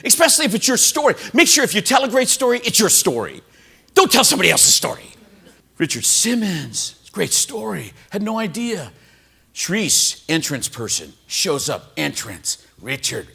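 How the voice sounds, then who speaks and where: Man, motivational keynote speaker, higher voice, bright and forceful, big swings in pitch, crowd-engaging. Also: vocal fry, husky. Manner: animated, exclaiming, asks the crowd questions. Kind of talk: keynote speech to a live audience. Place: hotel event hall.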